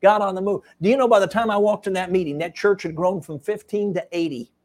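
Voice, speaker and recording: High-voiced male preacher telling a story. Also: quick pace. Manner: animated storytelling with frequent fillers, drops to hushed tones for emphasis. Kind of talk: sermon storytelling.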